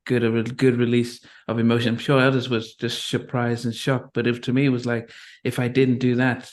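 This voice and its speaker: A middle-aged man from Nigeria hosting an interview, speaking reflectively with many restarts and pauses. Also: mid-range voice, monotone. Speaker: interview host. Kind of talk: conversational interview.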